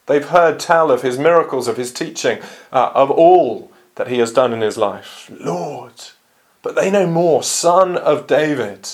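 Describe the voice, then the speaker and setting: A man preaching a sermon, earnest and measured, with frequent ums and uhs. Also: medium pitch, expressive.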